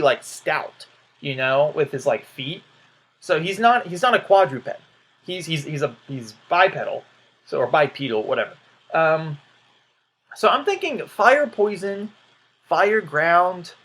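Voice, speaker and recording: A man's voice: a little high, a bit bright. A man giving casual video commentary, rambling and hesitant, often trailing off into "um" and "I don't know". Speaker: YouTuber.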